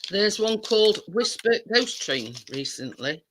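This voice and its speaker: A man co-hosting a casual live stream, asking slow, musing questions. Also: high-pitched, sing-song, noisy background. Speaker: co-host.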